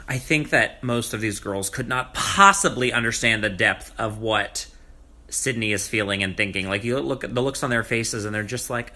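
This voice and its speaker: A man giving a casual, gossipy recap of a reality dating show, sometimes jumping up high in pitch to mock the contestants. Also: normal speed. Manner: animated, gossipy, swings into high mocking quotes. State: groggy morning voice. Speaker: recap vlogger. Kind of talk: casual commentary.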